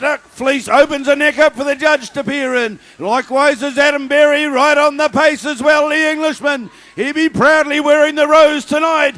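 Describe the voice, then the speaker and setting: A man giving live play-by-play commentary at a shearing competition, calling each competitor's moves in an excitable way. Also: very high voice.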